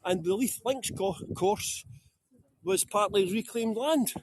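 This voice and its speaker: Speaking slowly in a high, husky voice, a Scottish man guides a live-streamed walking tour through town streets outdoors. He works as a tour guide, keeping things jokey and chatty and greeting viewers by name.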